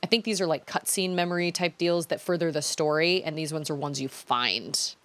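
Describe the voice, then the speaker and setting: Woman streamer, slightly low pitch, chatty, trails off, self-deprecating. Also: fairly quick, fairly bright tone. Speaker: game streamer. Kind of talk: casual let's-play commentary.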